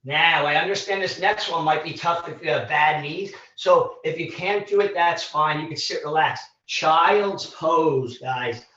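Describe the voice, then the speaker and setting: Breathless and slow, a male fitness instructor coaches a live virtual workout in a slightly high voice with a sharp tone. He cheers people on, counts down reps and cues moves; the livestream audio is echoey, distant and dull, with a little hiss or hum.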